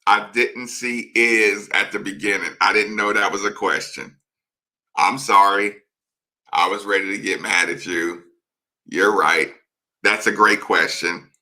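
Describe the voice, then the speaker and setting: Gravelly, bright-voiced male chat host. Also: on the low side, fairly even intonation, measured pace. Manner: rambling, reads and answers chat comments. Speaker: live show host reading chat. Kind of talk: casual late-night live chat.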